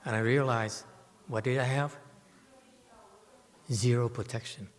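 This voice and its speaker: A man delivering a Buddhist dharma talk in a temple hall, his voice sitting at an ordinary middle pitch. He tells stories with lively swings and keeps asking his listeners rhetorical questions. The sound rings with a long hall reverb. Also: unhurried. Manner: animated storytelling with rhetorical questions. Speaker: Buddhist teacher.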